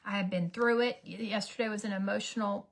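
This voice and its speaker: A woman, telling a story as a casual get-ready-with-me vlog, dramatic and animated, sometimes dropping to a whisper. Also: medium pitch, fairly quick, vocal fry. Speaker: beauty vlogger.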